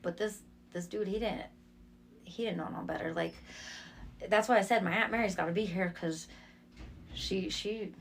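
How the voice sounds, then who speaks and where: A woman's voice: mid-range voice, moderate pace, long pauses, a little hiss or hum. A woman sharing her life testimony as a guest, telling stories in a casual, streetwise way and acting out the voices of people she quotes. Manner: animated, acts out quoted voices; streetwise slang. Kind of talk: casual storytelling.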